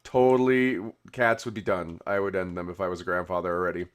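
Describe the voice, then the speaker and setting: A man's voice: low-pitched, steady tone, brisk, smooth. Rambling man chatting while building. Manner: rambling, full of "you know" and restarts. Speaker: YouTube game host. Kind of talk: casual commentary while building.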